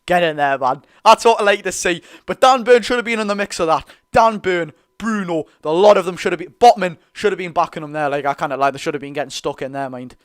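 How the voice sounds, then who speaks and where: A young man with a Geordie accent giving live, excitable fan commentary on a football match, swinging between loud cheering and low muttering. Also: fast, few pauses, smooth. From North East England. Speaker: football watch-along host.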